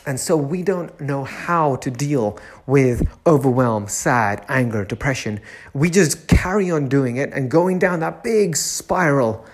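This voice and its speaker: A man's voice: mid-range voice, animated, unhurried. A man who runs a nursery, giving a reflective self-help talk, repeating key phrases and lingering on words.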